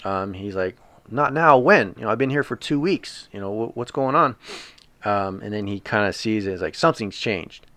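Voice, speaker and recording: A man's voice: fairly low pitch, brisk, a bit bright, no echo. A man casually recapping a TV episode, paraphrasing scenes with lots of ums and you knows. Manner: retells scenes with loose paraphrased quotes and many fillers. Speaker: podcast co-host recapping a TV episode. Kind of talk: casual chat.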